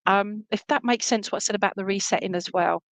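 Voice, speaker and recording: A woman's voice: medium pitch, fast, dry recording, poor audio. A woman giving an online clairvoyant reading as a medium, chatty and reassuring, often checking in with her listener. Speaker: spiritualist medium.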